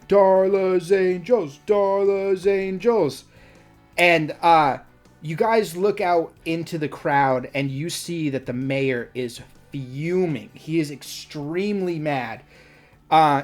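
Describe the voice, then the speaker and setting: A game master narrating a tabletop game in a casual way, with many fillers and restarts. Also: mid-range voice.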